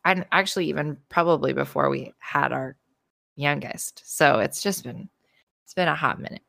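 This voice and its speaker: A woman co-hosting a podcast, chatting casually in a relaxed, teasing way. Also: low voice, normal speed, vocal fry, dry recording, studio quality. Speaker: podcast co-host. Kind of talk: casual chat.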